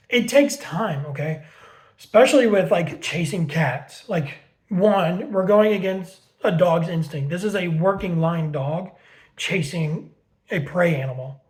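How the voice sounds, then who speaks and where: A man working as a dog trainer, talking casually and bluntly, swearing freely and explaining with homemade everyday comparisons while repeating words for emphasis. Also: high-pitched. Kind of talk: casual teaching talk.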